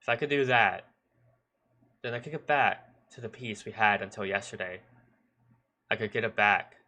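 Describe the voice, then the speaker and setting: A man with a bright, sharp timbre reads a story aloud in measured first-person narration. He now and then stumbles and corrects himself. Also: lowish voice. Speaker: streamer. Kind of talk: reading a visual novel aloud.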